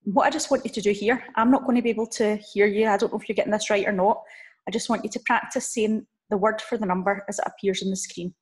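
A woman's voice: medium pitch, fairly even intonation. Patient woman teacher drilling numbers. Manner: slow, drawn-out drill of numbers with frequent "okay?" check-ins. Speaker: language teacher. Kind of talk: recorded online lesson.

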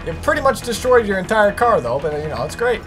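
Excitable high-voiced male gamer. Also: fast. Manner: excitable, frequent exclamations and shouts. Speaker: gaming channel host. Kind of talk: casual gameplay commentary with friends. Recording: music playing underneath.

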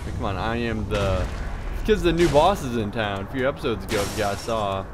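A man hosting a gaming channel, giving let's-play commentary on a game he is playing. He gets excited easily, yelps, and laughs at what happens on screen. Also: lowish voice, a little fast, noisy background. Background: game music and sounds.

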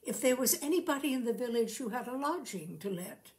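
A woman's voice: a little high, expressive, a little fast, natural voice. A woman voicing a shy, polite young man who travels as a showman, speaking in rustic, folksy turns of phrase.

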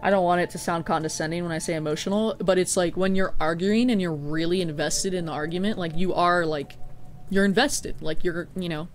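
A man's voice: high-pitched, steady tone, fairly quick, faint music behind. A man streaming a video game and chatting casually with viewers, rambling with lots of "like" fillers, swearing and laughing easily.

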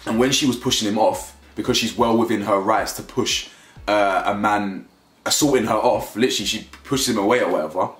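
A man's voice: fairly low pitch, brisk, reverberant. Rambling man ranting to camera. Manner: animated, rambling, repeats himself. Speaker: commentary YouTuber. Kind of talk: casual opinion commentary.

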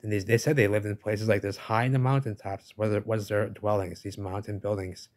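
A man's voice: lowish voice, fairly even intonation, a little fast, darkish tone. A man narrating over pictures in a rambling way, often tacking on "baby" and "give me a break," and he says he is losing his voice. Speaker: video host.

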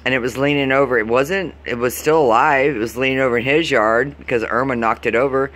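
A man from Florida, a vlogger, unloads a heated rant at the camera, swearing all the while and sounding fed up. He talks a little fast in a mid-range, fairly bright voice with fairly even intonation, his complaints profane and exasperated.

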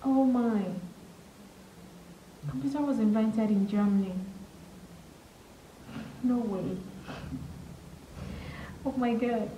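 A woman hosting a reaction video, exclaiming with excitement and earnest emotion as she watches. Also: on the high side, slow pace, long pauses, far from the mic, muffled recording, a little hiss or hum. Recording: echoey room, voice a bit off-mic, faint music.

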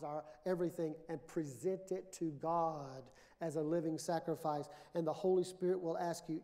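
A male pastor preaching a sermon, emphatic and building to drawn-out declarations. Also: on the high side, warm tone. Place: church sanctuary. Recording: reverberant church hall.

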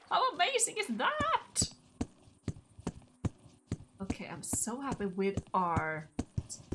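A woman's voice: mid-range voice, a bit bright, slight background noise. A young woman from Norway, chatting casually through her gameplay, gushing and talking to her horse. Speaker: gaming channel host.

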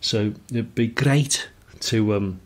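A man's voice: lowish voice, slow. A man co-hosting a podcast, chatting casually in a musing, rambling way with frequent restarts. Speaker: podcast co-host. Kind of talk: casual chat.

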